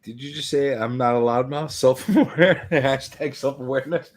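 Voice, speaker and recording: A loud man, joking brashly in a casual chat as co-host. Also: mid-range voice, moderate pace. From New York.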